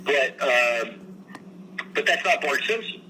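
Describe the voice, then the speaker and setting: A man chatting casually about voice acting, telling stories with an animated delivery. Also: medium pitch, slow, rough recording. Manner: animated, slips into impressions. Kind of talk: casual storytelling chat. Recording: faint background noise.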